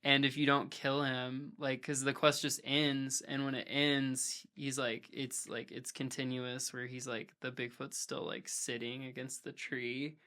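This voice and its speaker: A man's voice: medium pitch, level tone, unhurried, hardly any pauses, sharp tone. A man chatting casually as a podcast guest, rambling and filling almost every phrase with "like". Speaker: podcast guest, hardcore vocalist. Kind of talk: casual conversation.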